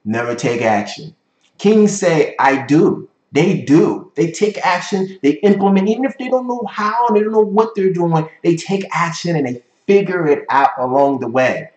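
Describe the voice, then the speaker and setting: A man's voice: a little high, expressive, unhurried. A man giving a motivational business lecture at a whiteboard, speaking emphatically and ending points with "right?". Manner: emphatic, repeats points, frequent "right?" tag questions. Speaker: business coach. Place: room with a whiteboard. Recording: echoey room.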